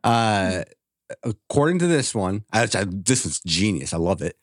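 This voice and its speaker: A man talks loosely with friends, pausing on "uh" as he reads out bits of trivia and drops in the odd swear word. His voice sits a little low, and the recording is dry with no room sound. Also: sing-song, dry recording. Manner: laid-back, swears, reads trivia aloud with frequent "uh" fillers. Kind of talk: casual chat.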